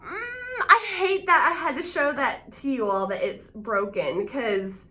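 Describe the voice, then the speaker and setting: A woman vlogging casually as she unboxes gifts, excitable and gushing. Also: high-pitched, unhurried. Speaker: AuthorTube vlogger.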